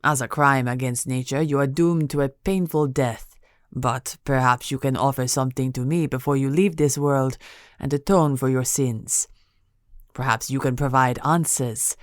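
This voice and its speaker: A woman voicing a cold, predatory male vampire count who speaks softly and menacingly. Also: rumbling low, dry recording, studio quality. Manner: soft, dangerous, slow voice.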